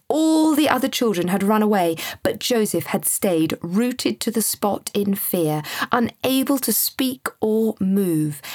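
A woman narrating a children's storybook in a gentle, expressive way. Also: mid-range voice, slightly rough, no echo, clean studio sound.

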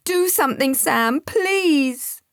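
A woman voicing a frightened young boy who shouts in panic, high and pleading. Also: lively intonation, takes it slowly, no echo, clean studio sound, heavily acted. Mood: panicked.

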